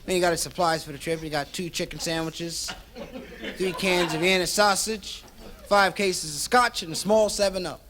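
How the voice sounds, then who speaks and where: A man's voice: high voice, fairly even intonation, moderate pace. A man telling a comic story in a playful, laid-back stand-up style on a noisy old live comedy album.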